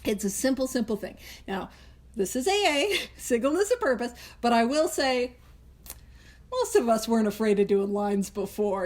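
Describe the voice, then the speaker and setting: A woman's voice: fairly high pitch, expressive, normal speed, darkish tone. A woman hosting a recovery book study, teaching in a chatty, casual way, laughing often and wandering into tangents.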